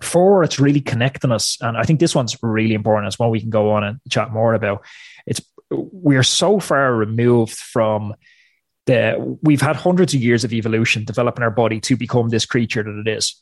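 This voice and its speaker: A man's voice: mid-range voice, fairly quick, no room sound. A man talking as a podcast guest with punchy, motivational emphasis. His voice sits in a middle range and the recording is dry and close. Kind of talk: podcast interview talk.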